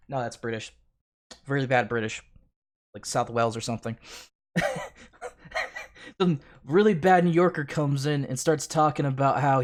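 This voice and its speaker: A man hosting a casual livestream, talking profanely and rambling, often laughing and tripping over restarts. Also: medium pitch. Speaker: livestream host.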